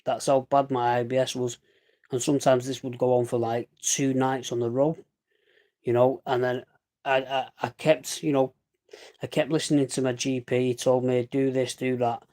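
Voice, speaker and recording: A man from Salford with a Mancunian accent, rambling in fast, casual live-stream chat and calling listeners "mate". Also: mid-range voice, flat delivery, a little mellow. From Salford, England. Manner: rambling, chatty, says "mate" often; fast dialect.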